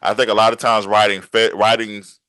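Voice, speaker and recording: A man hosting a casual interview podcast, animated and laughing easily, often repeating his phrases. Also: fairly low pitch, fairly quick, smooth, no room sound. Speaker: podcast host and writer.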